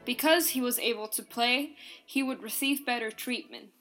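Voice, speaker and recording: A woman narrating a scripted podcast in an even, explanatory tone, reading from a script and counting out beats aloud. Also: fairly high pitch, normal speed, faint music behind.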